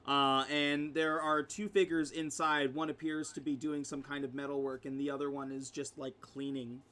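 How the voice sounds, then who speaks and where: A man's voice: on the high side, flat delivery, moderate pace, pushed and bright. A man narrating as game master in a casual tabletop game, talking loosely with many fillers.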